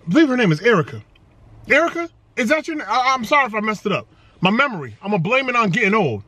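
Energetic male vlogger, high bright voice, playful slang. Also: fast, no echo. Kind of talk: casual hype vlog talk.

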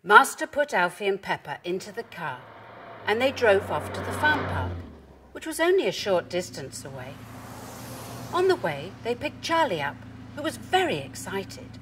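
A woman gently reading a children's story aloud. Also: medium pitch, very animated, moderate pace, background noise.

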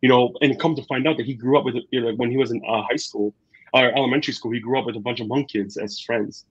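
Animated husky-voiced man telling stories. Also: medium pitch, quick pace. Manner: animated storyteller, acts out quotes, many fillers. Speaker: chef and guest. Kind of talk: casual interview chat. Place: Twin Cities area. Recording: slightly dull, lo-fi sound.

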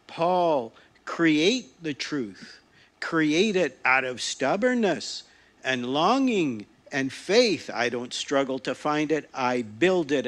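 A man voicing the apostle Paul as a stubborn, zealous preacher, declaiming forcefully. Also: a little high, voice pushed up.

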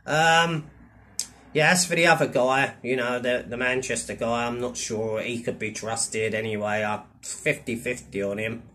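A man's voice: mid-range voice, fairly even intonation, unhurried, sharp tone, slight background noise. Ranting man, swearing freely. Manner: profane, rambling, keeps asking "do you know what I mean". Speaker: vlogger. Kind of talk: ranting commentary.

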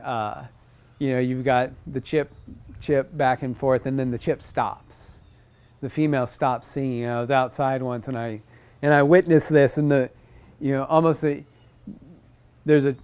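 A man teaching a group about bird calls in a casual, animated way, sometimes mimicking bird chips. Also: medium pitch, clear, resonant tone. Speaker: outdoor naturalist instructor.

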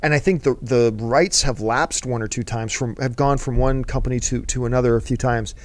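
A man's voice: mid-range voice, fairly even intonation, a little fast. A man hosting a casual chat about movies, talking as an eager fan who rambles and drifts into asides. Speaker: show host answering viewer mail.

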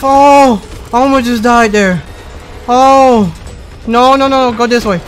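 A man giving excitable commentary on his game playthrough, yelping and pleading as things go wrong. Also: very high voice, slow. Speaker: gamer. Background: game music.

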